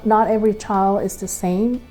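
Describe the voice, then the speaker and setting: Hesitant woman owner with a mellow voice. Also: mid-range voice, steady tone, soft background music. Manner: halting, searching for words, emotional. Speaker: clinic owner and parent. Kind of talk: interview.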